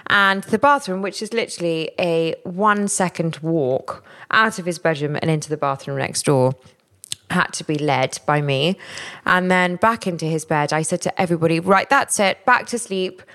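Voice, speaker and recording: Lively woman telling a story. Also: low voice, normal speed. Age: middle-aged. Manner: animated storytelling, bursts of laughter. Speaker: podcast co-host. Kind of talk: casual chat.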